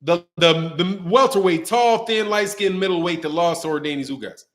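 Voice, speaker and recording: A lively man with a fairly high voice for a man, hosting a casual livestream about boxing. He talks in loose slang, rambles and laughs a lot as he reads super chats. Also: normal speed. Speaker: boxing channel host.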